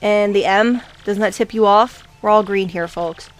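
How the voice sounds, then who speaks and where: A woman's voice: medium pitch, normal speed, over loud music. A woman hosting a video game playthrough, talking through it in a chatty, rambling way with many asides. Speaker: let's play host. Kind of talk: casual game commentary.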